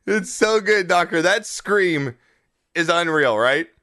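Casting: bright, slightly high male host, jokey, teasing, laughs a lot. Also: lively intonation, slow pace. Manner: joking, laughs often, ribs his co-host. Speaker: show host. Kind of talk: casual comedic commentary on clips.

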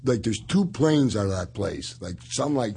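A man's voice: on the low side, lively intonation, normal speed, vocal fry, mellow, husky. A man hosting a casual talk show, telling rambling stories and laughing often. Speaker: podcast host and retired wrestler. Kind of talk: casual chat.

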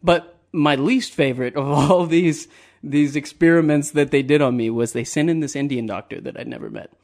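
A man's voice: a little high, normal speed, vocal fry, darkish tone. Laughing man telling a story. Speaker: podcast co-host. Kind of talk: casual comedic chat.

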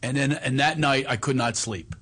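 A man's voice: medium pitch, moderate pace, background noise. A man, a comedian, telling a personal story in a conversation, laughing often and acting out what others said. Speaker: comedian guest.

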